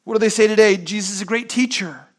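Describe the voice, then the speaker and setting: A man's voice: high voice, quick pace. A man preaching a sermon, asking rhetorical questions and using sports analogies. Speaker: pastor.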